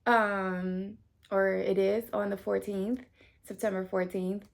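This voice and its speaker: A woman in her late thirties talks through a tarot reading in a loose, chatty way, with plenty of "um" and "like" and an occasional curse. Her voice has a gravelly edge with vocal fry at a middle pitch. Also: little pitch movement, slow pace. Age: 30s. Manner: chatty, lots of fillers, swears casually. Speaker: tarot reader. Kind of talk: casual tarot reading to camera.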